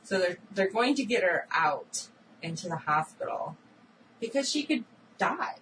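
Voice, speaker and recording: Animated woman recapping a show, distant mic. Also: mid-range voice, measured pace. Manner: animated, acts out characters' lines. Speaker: podcast co-host. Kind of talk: casual episode recap chat. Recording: distant mic with audible background noise.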